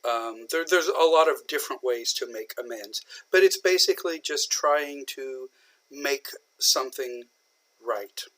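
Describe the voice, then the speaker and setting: A man from southern Indiana, patiently explaining an English idiom in a recorded lecture, with many pauses and fillers. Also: mid-range voice, pushed and bright. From southern Indiana, USA. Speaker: English teacher.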